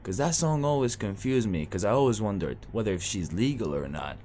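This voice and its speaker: A man's voice: fairly low pitch, lively intonation, fairly quick, warm tone, a little hiss or hum. A young Sudanese man performing a stand-up comedy set, telling stories in a loose, chatty way. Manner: loose, conversational storytelling with playful asides.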